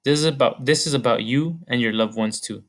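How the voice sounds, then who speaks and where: A man reading as La Llorona, gentle and solemn. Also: mid-range voice, brisk, natural voice. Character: sorrowful ancient female weeping spirit.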